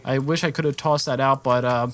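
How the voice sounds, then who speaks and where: A man's voice: medium pitch, fairly quick. A young man giving rambling, casual commentary over his own gameplay, correcting himself often and jumping up when the action picks up. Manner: rambling, self-correcting, jumps up in excitement at action.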